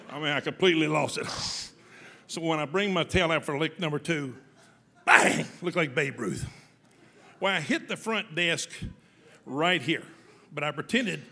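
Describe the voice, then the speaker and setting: A man's voice: a little high, gravelly, breathy edge, long reverb tail. Folksy man telling a story. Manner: lively, folksy, laughing between lines. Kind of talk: humorous live storytelling.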